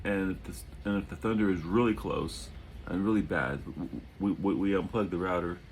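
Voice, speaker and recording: A man's voice: low-pitched, normal speed, slight background noise, poor audio. Man reading his own novel aloud. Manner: relaxed, self-correcting, repeats words. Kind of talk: audiobook reading with casual asides. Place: home during a thunderstorm.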